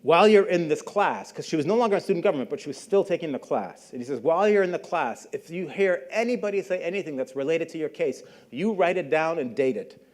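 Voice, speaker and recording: A man's voice: fairly high pitch, lively intonation, fast talker, few pauses. Man telling a story in a lecture. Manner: conversational, acts out quoted voices. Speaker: guest lecturer.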